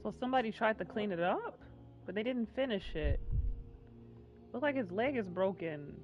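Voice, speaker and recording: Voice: medium pitch, lively intonation, normal speed, highs cut off. Joking streamer, chatty let's play commentary, faint music underneath. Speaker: game streamer.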